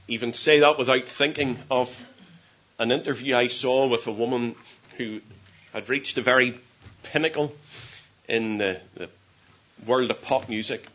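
A man preaching an evangelistic sermon, earnest, swinging from quiet to loud with drawn-out emphasis. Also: mid-range voice. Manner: earnest, rises and drops sharply in volume, drawn-out emphasis. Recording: dull lo-fi sermon recording.

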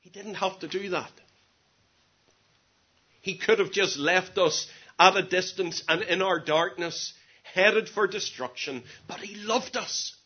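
A man preaching an evangelistic sermon, earnest, swinging from quiet to loud with drawn-out emphasis. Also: high voice, slightly rough. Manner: earnest, rises and drops sharply in volume, drawn-out emphasis. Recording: dull lo-fi sermon recording.

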